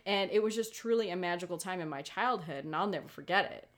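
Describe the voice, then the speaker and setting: A woman's voice: fairly low pitch, expressive, fast, fairly bright tone. A woman co-hosting a podcast in casual chat, candid and emotional, swearing freely and laughing often. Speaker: podcast co-host.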